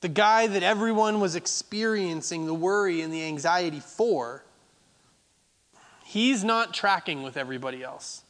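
A man's voice: high-pitched, normal speed, a bit bright, big-room sound. A man preaching a sermon as pastor, driving points home by repeating phrases. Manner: emphatic, repeating phrases for effect.

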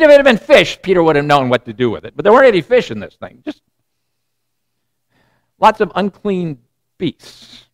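A man giving a sermon in a loose, conversational way, often restarting phrases and dropping to a hushed tone. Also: on the high side. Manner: conversational and digressive, many repeated starts. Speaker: preacher.

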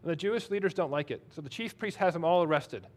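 A man's voice: fairly high pitch, expressive, quick pace. A man preaching a sermon in a conversational, self-deprecating way, reading scripture aloud between his own remarks. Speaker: pastor.

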